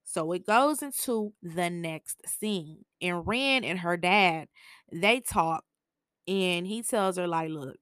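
A woman's voice: fairly low pitch, takes it slowly, a bit bright, clear, resonant tone, no room sound, clean studio sound. A woman podcaster recapping a TV episode in a casual, opinionated and slangy way, often laughing. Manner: chatty, opinionated, slangy, laughs at her own jokes.

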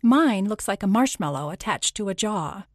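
A woman reading the part of a fretful, chatty friend who runs a dog daycare, in an audiobook, in a brighter voice. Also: mid-range voice, expressive, normal speed, dry recording, clean studio sound, close to an everyday voice. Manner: chatty and self-deprecating.

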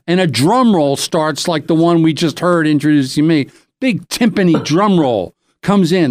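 A middle-aged man hosting a podcast, telling a rambling, animated anecdote in casual chat. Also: fairly high pitch, moderate pace, dry recording. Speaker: podcast host.

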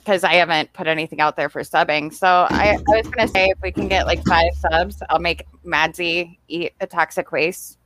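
A woman's voice: on the low side, fairly even intonation, normal speed, hardly any pauses, a bit bright. A woman hosting a casual chat with friends, chatty and upbeat, laughing often.

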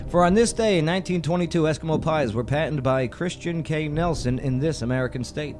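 A man's voice: on the high side, a little fast, hardly any pauses, music in the background. A man hosting a casual trivia show, reading clues and joking with his guests, laughing often. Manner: jokey, laughs often, animated. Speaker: host of a trivia game show.

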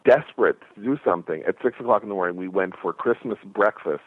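A middle-aged man co-hosting a podcast in casual chat, halting with many fillers and restarts. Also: on the low side, no room sound. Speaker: podcast co-host. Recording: tinny phone line, dry.

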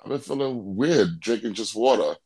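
A man's voice: on the low side, animated, normal speed, mellow, breathy edge, no room sound. A man co-hosting a casual chat, talking in a laid-back, rambling way with fillers, sounding a little congested. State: congested, under the weather. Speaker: podcast co-host.

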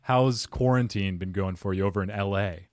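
A man's voice: on the low side, normal speed, dry recording, clean studio sound. A man hosting a casual podcast interview, joking loosely and swearing freely as he asks questions. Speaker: podcast host. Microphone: remote video call.

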